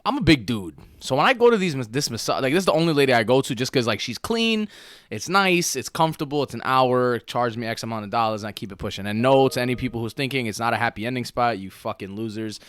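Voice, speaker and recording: A man co-hosting a casual podcast, telling stories with a lively, swooping delivery. His voice is bright and forward, and the mic is close and dry. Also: mid-range voice, fast talker, no echo. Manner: animated storyteller, bursts into loud laughter. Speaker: podcast co-host. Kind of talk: casual chat.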